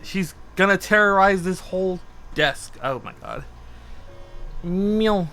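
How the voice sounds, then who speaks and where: A man's voice: high voice, moderate pace, pushed and bright, faint music behind. A man streaming casually from his home desk, rambling and teasing his cat while he chats. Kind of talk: casual live-stream chat.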